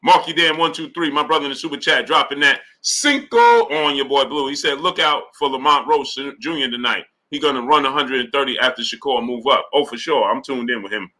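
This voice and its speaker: A man hosting a live boxing stream, reading viewer super chats and greeting them by name in an animated, casual way. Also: medium pitch, a little fast, hardly any pauses, low-quality recording. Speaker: boxing talk show host.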